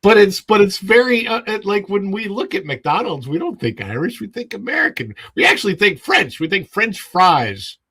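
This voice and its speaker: A man's voice: sits high, very animated, normal speed, hardly any pauses, pushed and bright, husky. A man hosting a casual livestream podcast, rambling and full of fillers and restarts, often laughing at his own stories.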